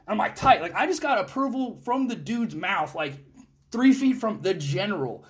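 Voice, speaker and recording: A young man hosting a podcast, telling war stories in casual chat, animated and full of cursing. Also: high voice, a little fast. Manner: animated, profane storytelling. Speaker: podcast host.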